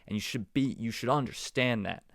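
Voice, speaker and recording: A man hosting a casual solo podcast, rambling along and breaking into sudden loud, emphatic bursts. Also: medium pitch, fairly quick, creaky, no room sound, studio quality. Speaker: podcast host.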